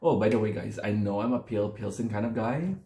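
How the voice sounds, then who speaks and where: Casual vlogger, man, low, warm-toned voice, rambling and correcting himself. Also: fast, echoey room. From Philippines. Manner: chatty, rambling, self-correcting. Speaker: beer-tasting vlogger. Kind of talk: casual chat to camera. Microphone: phone camera.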